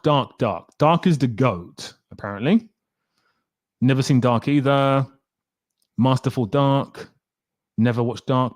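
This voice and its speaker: A man's voice: medium pitch, a little mellow, no room sound, clean studio sound. A young man chatting casually on a live stream, reading out and reacting to viewers' comments with wry humor.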